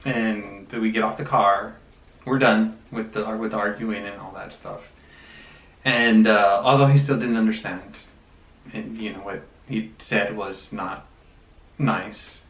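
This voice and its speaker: A young man in a casual storytime vlog, relaxed and hesitant with many fillers. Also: lowish voice, unhurried. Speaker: vlog co-host. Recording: roomy sound from a distance.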